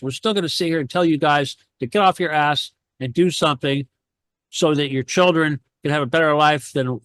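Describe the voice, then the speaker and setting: Man, slightly high-pitched, heated, rambling, rhetorical questions, dry close sound. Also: fairly bright tone, dry recording. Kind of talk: radio talk show conversation.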